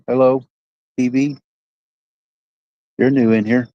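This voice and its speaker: A man's voice: medium pitch, steady tone, a little slow, pauses often, warm tone, no echo, rough recording. A man with a Midwestern American accent chatting casually to his live-stream viewers while fishing outdoors by a dock, rambling and folksy, reading out comments. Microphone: phone.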